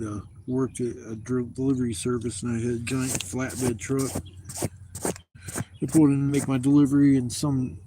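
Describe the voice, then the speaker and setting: A man's voice: medium pitch, dark tone, slight background noise. A man in his fifties telling rambling, profane stories in a casual vlog from a campsite. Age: 50s. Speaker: camping vlogger. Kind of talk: casual storytelling to camera. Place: outdoors at a campsite.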